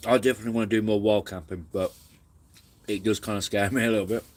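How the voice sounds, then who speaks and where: A man's voice: fairly low pitch, steady tone, quick pace. A man hosting a casual camping live stream, rambling and reflective, snacking between sentences.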